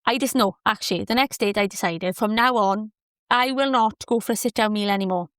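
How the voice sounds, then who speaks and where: A woman hosting a solo podcast, telling a dating story in a chatty, animated, self-deprecating way with lots of quoted asides. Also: medium pitch, brisk, clean tone, no room sound, clean studio sound. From Wales. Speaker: podcast host.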